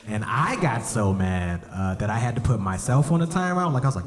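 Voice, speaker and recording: A man telling stories in a stand-up comedy set at a club, acting out voices and breaking into shouts. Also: medium pitch, slow pace, long pauses, crowd noise. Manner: animated storytelling, acts out voices, bursts into shouts. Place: comedy club stage, live audience.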